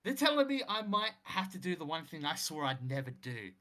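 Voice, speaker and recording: A defiant injured wrestling champion insists on keeping his title, voiced by a man. The voice is bright, forceful and intense. His pitch moves freely over a wide range. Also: big pitch swings, a little fast.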